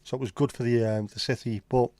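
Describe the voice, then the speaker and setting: Here a Scouse livestream host from Liverpool chats casually through the live comments, replying to viewers with blunt, sweary remarks. He speaks fast at a medium pitch with fairly even intonation, his tone darkish, on a dry recording.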